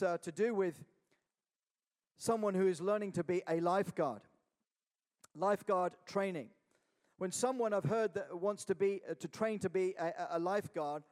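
High-voiced man preaching in a reverberant hall. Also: a little mellow. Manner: earnest exhortation with repeated calls of "Amen?". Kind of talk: sermon.

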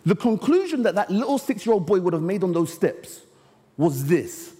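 A man preaching a sermon, telling a story and slowing down to stress key words. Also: high-pitched, big pitch swings, dark tone. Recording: long reverb of a large hall.

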